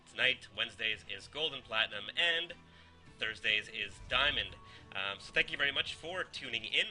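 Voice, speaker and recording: A man's voice: medium pitch, sharp tone, low-quality recording. A man casting a live strategy game tournament in a casual, joking way, laughing often. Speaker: esports caster.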